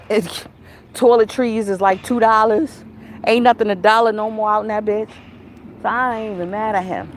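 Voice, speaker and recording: A woman's voice: mid-range voice, slight background noise. Laid-back woman vlogging from her car. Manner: laid-back, laughing, slangy and profane. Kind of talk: casual chat.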